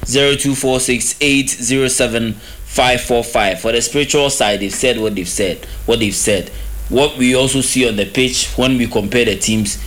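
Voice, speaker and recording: A man's voice: medium pitch, steady tone, moderate pace. Ghanaian male call-in host, terse affirming style, radio broadcast. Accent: Ghanaian English. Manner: brief affirmations, greets callers warmly by title.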